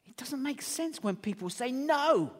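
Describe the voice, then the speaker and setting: A middle-aged man preaches in a hall where his voice rings out with a long echo. He speaks high and with wide, lively swings in pitch. He moves from ringing, emphatic declarations to quieter, conversational stories. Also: normal speed. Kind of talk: sermon.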